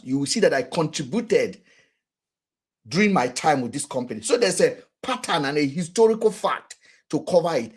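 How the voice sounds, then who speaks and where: Brief: Nigerian-accented male vlogger, husky, lively swooping delivery, high voice. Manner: animated, rhetorical, acts out quotes. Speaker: vlogger and commentator. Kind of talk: casual commentary.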